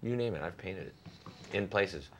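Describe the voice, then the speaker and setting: A man's voice: sits low, lively intonation, moderate pace, a bit bright. A man talking casually as a painter guest in an interview, jokey and rambling with many fillers.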